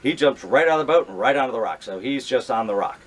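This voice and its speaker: Middle-aged man, true-story vlog, animated retelling, fillers and restarts, mid-pitched voice. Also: fast talker. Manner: animated, reenacts his own thoughts, frequent fillers and restarts. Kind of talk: telling a true story to camera.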